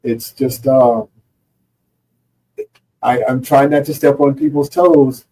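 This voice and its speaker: A man's voice: mid-range voice, fairly even intonation, slow, warm tone, distant mic, rough recording. A man with a Southern US accent, a therapist guest speaking in an interview, earnest and hesitant with many fillers. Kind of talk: casual interview chat.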